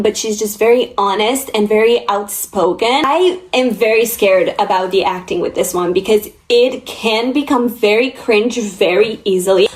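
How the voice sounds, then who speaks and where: A woman's voice: medium pitch, darkish tone. A young woman vlogging about books, talking in a chatty, gushing and emotional way. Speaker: book vlogger. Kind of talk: casual chat.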